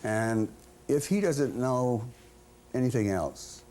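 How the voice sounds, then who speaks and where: A man's voice: medium pitch, slow, darkish tone, a little hiss or hum. A man in his sixties, a talk show guest from the American South, telling self-deprecating stories with a chuckle. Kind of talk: casual anecdotes. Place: TV studio with audience.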